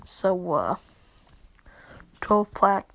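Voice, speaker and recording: A woman's voice: medium pitch, very animated, extremely slow, fairly bright tone. A woman casually retelling a comedic fan story in laid-back slang, laughing along as she goes.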